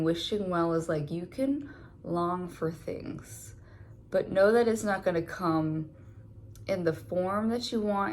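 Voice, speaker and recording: A woman's voice: fairly low pitch, darkish tone, a little hiss or hum. A woman giving a casual tarot reading, chatty and full of filler words. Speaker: tarot reader.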